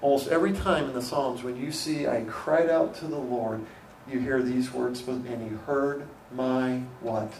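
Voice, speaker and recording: Middle-aged American male pastor, emphatic sermon delivery with hushed asides, distant mic in an echoey hall with faint ambience. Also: medium pitch, fairly even intonation, measured pace, a little hiss or hum. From United States. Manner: emphatic, repeating phrases, swings between loud and hushed.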